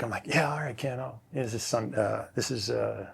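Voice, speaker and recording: A man, a former quarterback, telling stories as an interview guest in a relaxed, rambling way with many fillers and restarts. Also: medium pitch, moderate pace, vocal fry, slight background noise. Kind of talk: casual storytelling.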